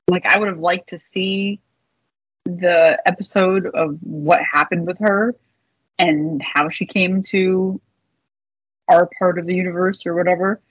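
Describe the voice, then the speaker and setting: A woman's voice: lowish voice, husky, dry recording, low-quality recording. A woman chatting casually about a TV episode, thoughtful and hesitant, with many fillers. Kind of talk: casual TV episode review chat.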